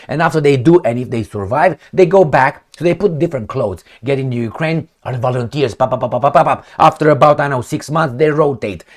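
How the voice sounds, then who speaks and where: A man riffs through his own commentary vlog in a blunt, profane way, with a voice that swings up and down all the time. He hammers points home by repeating words and throws in mouth-made sound effects like gunshots and kicks. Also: mid-range voice. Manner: animated, emphatic, repeats words for stress. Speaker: channel host. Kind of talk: opinionated political commentary vlog.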